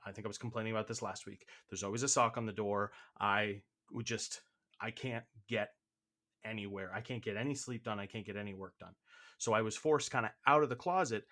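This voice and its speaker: Bright-voiced man rambling through a comedy podcast. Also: lowish voice, fairly quick. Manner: rambling, self-interrupting, laughing. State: out of breath. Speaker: co-host.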